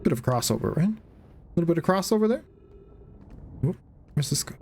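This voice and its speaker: A man streaming a video game in casual chat, reacting out loud and swearing freely as he talks with viewers. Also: on the high side, sing-song, a little fast, gravelly, slight background noise. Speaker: gaming streamer.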